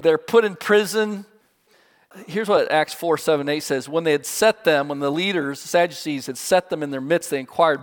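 Animated preacher man in a reverberant hall. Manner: animated, rising to high emphatic peaks and dropping low at phrase ends; chuckles now and then while telling stories. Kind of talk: sermon.

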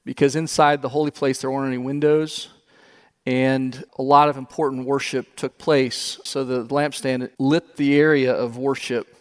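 An older man preaching a sermon, telling stories with animated warmth and frequent chuckles. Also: medium pitch, moderate pace. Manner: animated storytelling, chuckles often. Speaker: pastor.

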